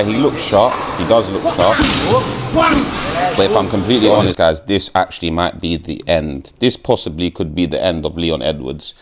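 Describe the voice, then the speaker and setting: A man's voice: sits low, moderate pace. A man vlogging about MMA in a casual, sweary, stop-start chat to camera.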